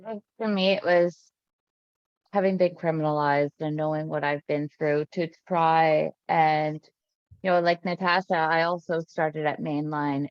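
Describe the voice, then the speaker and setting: A woman's voice: low-pitched, dry recording, highs cut off. A woman who works in harm reduction, sharing her story earnestly over a video call, often restarting her sentences. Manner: earnest, halting, many restarts.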